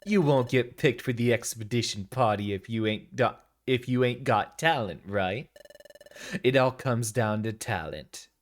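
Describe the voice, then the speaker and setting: A man's voice: mid-range voice, measured pace, natural voice. A man doing a sneering Brooklyn crook. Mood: smug. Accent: put-on Brooklyn. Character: sneering small-time male crook, gang member.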